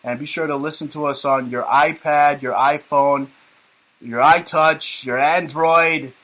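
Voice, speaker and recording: A man's voice: on the high side, fairly even intonation, a little slow, pushed and bright, poor audio. A man hosting a talk radio show, sarcastic and rambling in casual banter.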